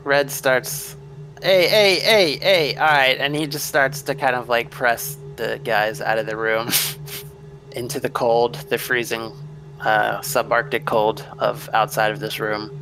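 A man's voice: medium pitch, level tone, a little slow, vocal fry, a bit bright, soft background music, poor audio. A man playing a tabletop role-playing game, narrating his character's moves in a laid-back, laughing way. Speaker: player.

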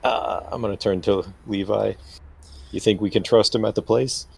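Very deep-voiced, husky man playing a game. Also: steady tone, moderate pace, darkish tone. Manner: hesitant, thinking aloud. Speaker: player. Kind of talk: casual tabletop play.

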